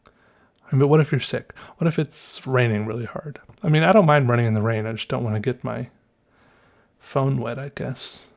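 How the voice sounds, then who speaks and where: Southern US male podcast host, easygoing rambling monologue, mid-pitched voice, thinks aloud and corrects himself. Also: moderate pace, gravelly. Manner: rambling, musing, self-correcting, chuckles often. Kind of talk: casual solo podcast monologue.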